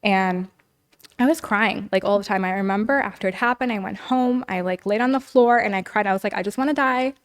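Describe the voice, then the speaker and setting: A woman's voice: mid-range voice, brisk. Earnest woman telling her story. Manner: earnest, full of "like" and "you know". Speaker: podcast guest. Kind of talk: personal storytelling in interview. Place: living in Los Angeles.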